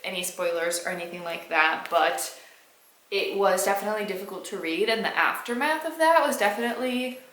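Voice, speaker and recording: A woman's voice: medium pitch, brisk, a bit bright. A young woman in her twenties chatting through a casual reading vlog, blunt and openly irritated. She swears without a second thought and speaks in an ordinary middle register. The room around her adds a noticeable echo. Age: 20s. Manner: frank, exasperated, swears casually. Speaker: book vlogger.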